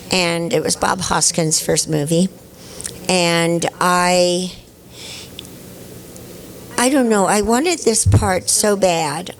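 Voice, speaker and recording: A woman's voice: on the low side, rough recording. Older woman telling chatty anecdotes. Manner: chatty anecdotal storyteller, laughs often. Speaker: actress panel guest. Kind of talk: convention panel storytelling. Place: convention panel stage.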